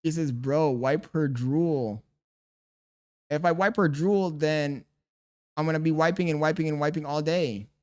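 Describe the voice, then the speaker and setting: A man's voice: fairly high pitch, steady tone, normal speed, a little mellow, clear, resonant tone. A young man streaming casually, reading chat aloud and answering with mock exasperation while talking to his baby daughter.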